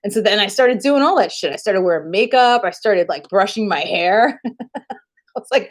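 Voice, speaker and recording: A woman chatting on a live stream, telling animated, profane stories with frequent laughs. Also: medium pitch, moderate pace. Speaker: livestreamer. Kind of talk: casual live-stream chat and storytelling.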